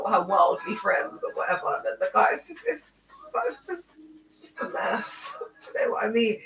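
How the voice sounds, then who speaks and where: A woman's voice: medium pitch, sharp tone, distant mic. A woman, chatting loosely on a live stream into a laptop mic and answering viewers by name. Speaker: livestreamer. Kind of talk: casual live-stream chat. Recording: echoey room, voice away from the mic.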